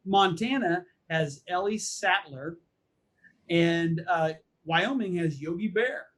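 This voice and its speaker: A man co-hosting a podcast in casual chat, briskly listing items in an easygoing way. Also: high-pitched, lively intonation, fairly bright tone. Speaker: podcast co-host.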